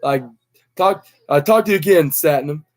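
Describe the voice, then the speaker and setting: Young male podcast host, slightly high voice, loose rambling recap delivery with lots of fillers. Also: normal speed, darkish tone. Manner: rambling, many fillers and restarts, acts out quotes. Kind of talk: casual wrestling recap.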